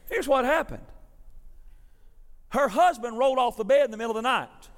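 A man preaching a sermon, telling a folksy story to his congregation in a lively, animated way. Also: very high voice, normal speed, pauses often. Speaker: pastor. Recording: preached in a reverberant sanctuary.

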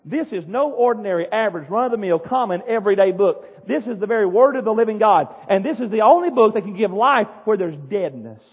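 Fiery high-voiced preacher man. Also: animated, a little fast, hardly any pauses, slightly rough. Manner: fiery preaching, yells and pounds the pulpit. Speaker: pastor. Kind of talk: sermon. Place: church sanctuary. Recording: dull echoey church hall.

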